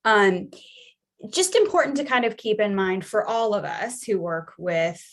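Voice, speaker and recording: A woman's voice: medium pitch, animated, measured pace. A woman psychologist giving a conversational webinar presentation over a video call, often checking in with her listeners. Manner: conversational, keeps checking in with "right?".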